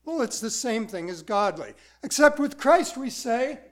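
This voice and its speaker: A man's voice: very high voice, sing-song, unhurried, few pauses, a bit bright. A male pastor preaching a sermon in a conversational way, putting questions to the congregation.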